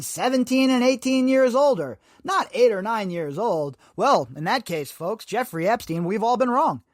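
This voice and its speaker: A man's voice: high voice, no room sound, studio quality. Sarcastic, emphatic male podcaster. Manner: emphatic, sarcastic, rhetorical questions. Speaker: podcast host. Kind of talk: opinionated commentary.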